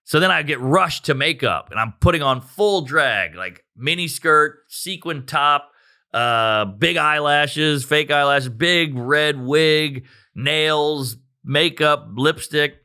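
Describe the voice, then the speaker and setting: A man, a stand-up comedian, telling a profane, animated story in casual chat. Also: fairly high pitch, takes it slowly.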